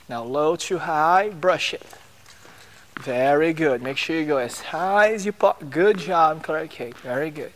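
Upbeat male tennis coach on court. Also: a little high. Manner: encouraging, gives short drill commands.

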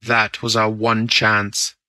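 A man voicing a cool, confident gentleman burglar who speaks low and measured, as in an audiobook. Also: completely flat delivery, no echo, exaggerated voice. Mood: cautious. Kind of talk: audiobook character reading.

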